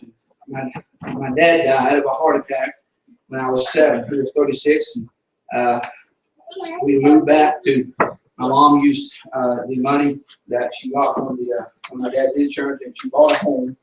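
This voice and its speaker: At a normal pace and medium pitch, a middle-aged Southern missionary tells folksy stories and preaches fervently to a church congregation. Picked up from a distance in the echoey sanctuary, the audio carries a slight hiss or hum.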